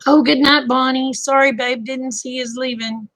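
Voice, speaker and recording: Folksy older woman, gravelly. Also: sits high, fairly even intonation, normal speed, fairly bright tone, no echo. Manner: folksy, calls people honey and babe. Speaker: live stream host. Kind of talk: casual late-night chat with viewers.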